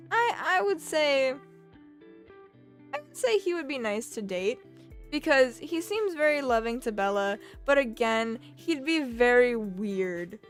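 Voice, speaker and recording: Young female vlogger, slightly high voice, giggly rambling bedroom chat. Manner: rambling, giggly, frequent fillers and restarts. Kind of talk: casual chatty commentary. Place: her bedroom.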